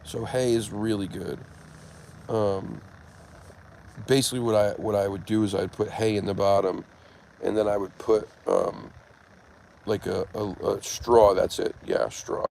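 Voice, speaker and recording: A man casually chatting on a livestream in a halting, meandering way full of ums, gently coaxing a cat at times, recorded outdoors. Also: lowish voice, fairly even intonation, creaky. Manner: coaxing and tender when speaking to a cat. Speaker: livestream host. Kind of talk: casual rambling livestream chat. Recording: noisy outdoor recording with passing traffic.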